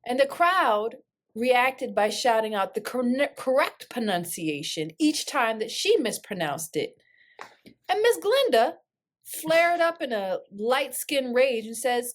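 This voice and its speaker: A woman's voice: a little high, takes it slowly. A woman co-hosting a casual pop culture podcast, telling stories with dramatic flair. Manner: animated storyteller, dramatic voice changes. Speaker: podcast co-host.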